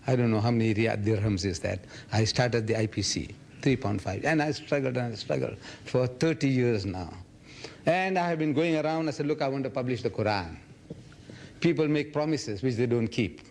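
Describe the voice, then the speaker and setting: A man in his seventies from Africa, answering audience questions in an animated lecture and acting out quoted dialogue. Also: on the high side, moderate pace. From South Africa. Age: 70s. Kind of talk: public lecture Q&A.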